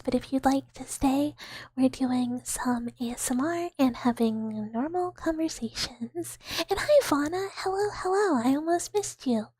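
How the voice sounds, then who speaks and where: A woman hosting a live ASMR stream, chatting playfully with viewers, giggling often and drifting between soft talk and whispers into a close microphone. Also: sits high, no echo.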